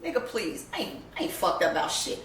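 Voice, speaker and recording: A woman's voice: lowish voice, big pitch swings, fast, a bit bright. A woman vlogger sharing her own story in a blunt, profane way, laughing often and sounding emotional, close to tears. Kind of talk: candid personal storytelling. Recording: roomy echo, distant mic, faint background noise.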